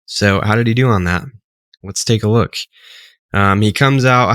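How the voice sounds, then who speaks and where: A man coaching door-to-door solar sales, talking casually and breaking down a rep's pitch step by step with many fillers. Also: normal speed, clear, resonant tone, no echo. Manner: relaxed, filler-heavy, explains step by step.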